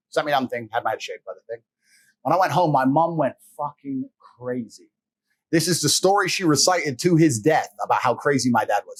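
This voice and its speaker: A man telling a personal story as a guest, animated, blunt and profane. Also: mid-range voice, fast talker, slightly rough. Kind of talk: casual storytelling.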